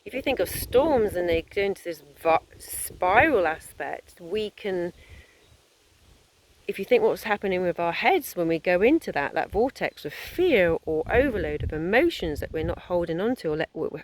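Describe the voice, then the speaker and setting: A woman's voice: lowish voice, big pitch swings, normal speed, a little hiss or hum. A woman, a holistic therapist giving a conversational wellness talk that rambles and encourages, with many fillers and restarts.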